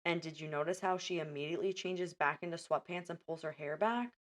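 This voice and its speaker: A young woman hosts a casual podcast chat with a voice that sits a touch low. She retells film scenes with animated energy and quotes the characters as she goes. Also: fairly quick. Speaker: podcast host.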